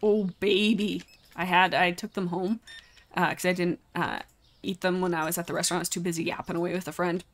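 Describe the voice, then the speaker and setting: A woman's voice: fairly low pitch, little pitch movement, fast talker, a little hiss or hum. A young adult woman chatting casually through a live game stream, exclaiming often and talking straight to her viewers.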